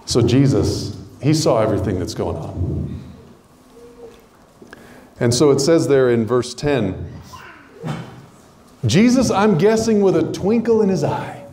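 A man's voice: on the high side, very animated, unhurried, pauses often, mellow, a little hiss or hum. A man preaching a conversational sermon, telling a Bible story and acting out its characters. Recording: roomy echo.

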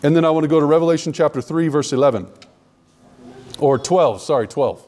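Emphatic male preacher, fairly high voice. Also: darkish tone. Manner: emphatic, slows down to stress key words, addresses the audience directly. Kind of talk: sermon.

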